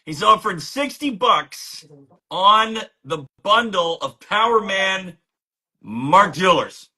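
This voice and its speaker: A man with a bright, sharp, fairly high voice co-hosts a live comic sale. He passes along viewers' offers and greets the chat with playful, joking banter. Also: lively intonation, slow. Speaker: co-host relaying chat offers. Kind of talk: live sales stream chat.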